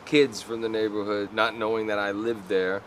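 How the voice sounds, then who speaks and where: A man's voice: on the low side, moderate pace, slight background noise. A middle-aged man, chatting casually about his work in an interview outdoors. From United States. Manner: relaxed, laid-back, with fillers. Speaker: actor guest. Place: outdoors on a city street.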